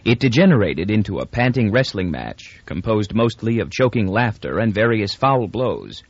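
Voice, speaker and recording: A man reading a novel aloud as an audiobook narrator, telling it in an expressive, even way. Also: fairly low pitch, normal speed, husky, no room sound. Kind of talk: scripted narration. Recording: dull, lo-fi dry recording.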